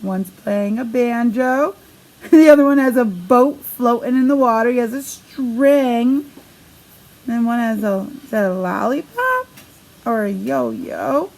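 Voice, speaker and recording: A woman preschool teacher reading a picture book aloud to young children in a sing-song storybook manner, pausing to ask the kids questions. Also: fairly high pitch, animated, gravelly, a little mellow.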